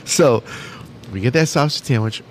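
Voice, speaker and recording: A man's voice: mid-range voice, lively intonation, normal speed, slight background noise. A man co-hosting a podcast, telling crude stories in casual banter, often laughing and swearing. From upstate New York. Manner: storytelling, profane, laughs often. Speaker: podcast co-host.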